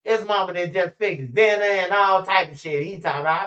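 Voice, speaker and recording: A man's voice: sits high, brisk, a bit bright, muffled recording. A young man, telling stories in a rambling, slang-heavy, profane way as a channel host. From Chicago. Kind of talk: casual storytelling commentary.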